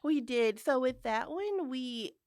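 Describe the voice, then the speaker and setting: A woman's voice: high voice, lively intonation, takes it slowly, a little mellow, dry recording, studio quality. A woman in her thirties, a podcast guest, chatting upbeat and talkative about family trips. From United States. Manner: chatty, upbeat, with laughs and restarts. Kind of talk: casual chat.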